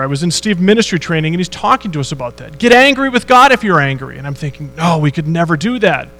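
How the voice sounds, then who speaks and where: High-voiced man preaching a sermon. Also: sharp tone, rough recording. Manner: conversational preaching with rhetorical questions. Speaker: pastor.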